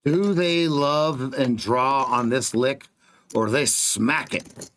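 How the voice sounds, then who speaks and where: A man's voice: mid-range voice, takes it slowly, fairly bright tone, a little hiss or hum. A man coaching viewers through a live trading stream, giving clipped, blunt market calls with casual slang.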